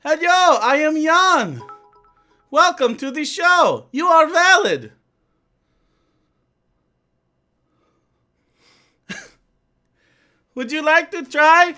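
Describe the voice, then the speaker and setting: A man putting on a meek, simple-minded European parody of a male political commentator, speaking in short, halting, childlike phrases. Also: very high-pitched, lively intonation, fairly bright tone, soft background music, exaggerated voice. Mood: gentle, silly.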